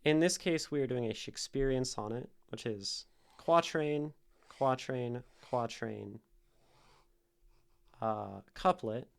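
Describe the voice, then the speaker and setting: A man's voice: medium pitch, slow, vocal fry, smooth. A male streamer casually explaining poetry step by step, thinking aloud with fillers as he goes.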